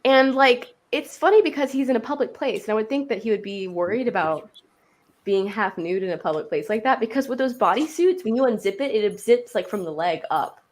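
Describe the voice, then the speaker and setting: Young woman chatting on a stream, tells a story all animated, does little voices for everyone, laughs a lot. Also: fairly high pitch, a little fast. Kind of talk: casual storytelling chat.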